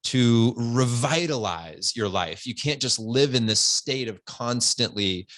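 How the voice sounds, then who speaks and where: A man's voice: medium pitch, slow pace, no room sound. A man in his forties telling a personal story on a podcast, earnest and open, close to tears at times. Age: 40s. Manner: earnest, open, animated retelling with quoted voices. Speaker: podcast guest.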